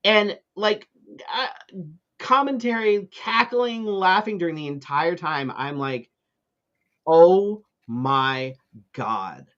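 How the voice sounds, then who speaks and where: A man's voice: sits high, a little slow, sharp tone, lo-fi sound. A man co-hosting a live talk show, telling a ranting story in casual chat, full of fillers and swearing.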